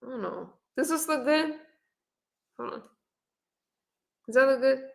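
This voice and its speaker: A middle-aged woman hosting a casual livestream, chatting in a relaxed way and reading viewer comments and recipes aloud. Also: sits high, unhurried, creaky. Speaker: livestream host. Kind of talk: casual live-stream chat. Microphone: webcam or phone on camera.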